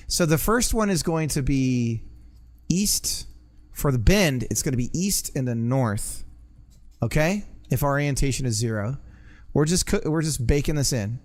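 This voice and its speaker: A man's voice: medium pitch, expressive, a little slow. Guy livestreaming game dev, mumbling to himself, jokes about being an idiot, voice jumps around a lot. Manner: muttering to himself, self-deprecating. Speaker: streamer. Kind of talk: casual livestream while coding a game.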